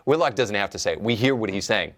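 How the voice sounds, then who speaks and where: Male host, lowish voice, measured argumentative commentary. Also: expressive, a bit bright. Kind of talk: commentary on clips.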